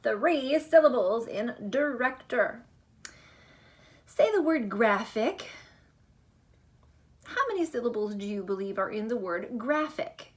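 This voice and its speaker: A woman teacher recording a distance-learning lesson for young students, deliberate and encouraging with gentle teasing. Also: fairly high pitch, lively intonation.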